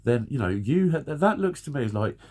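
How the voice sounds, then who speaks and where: A man's voice: medium pitch, very animated, brisk, a little mellow. A man in his forties giving blunt, sweary, earnest advice in a ranting monologue. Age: 40s. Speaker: vlogger.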